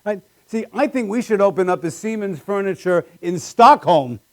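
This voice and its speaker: High-voiced wry stand-up comic. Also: male voice, expressive, moderate pace. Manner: wry, self-deprecating punchline delivery. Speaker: stand-up comedian. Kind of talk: live stand-up routine. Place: small live comedy stage.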